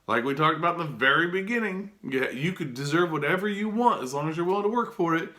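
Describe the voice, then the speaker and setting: A man's voice: fairly high pitch, lively intonation, fast talker, sharp tone. A man giving an earnest, casual motivational talk to his viewers, often restarting and asking them direct questions. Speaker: self-help vlogger.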